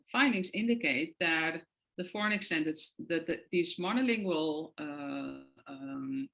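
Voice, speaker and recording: A woman's voice: fairly low pitch, pushed and bright, low-quality recording. A woman with a non-native English accent giving an academic lecture, explaining her research with frequent hesitant fillers. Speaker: guest lecturer.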